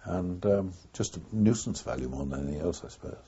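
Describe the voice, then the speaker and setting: An older man, a former wartime pilot, recounting his memories in an oral history interview with an unhurried, reflective pace and frequent pauses. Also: sits low, animated, dark tone, husky. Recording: dull lo-fi recording.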